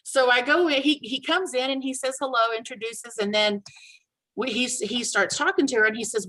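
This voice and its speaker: Woman, casual storytelling, video call, bright tone, animated, quotes dialogue. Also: on the high side, moderate pace, rough recording. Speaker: guest sharing a testimonial.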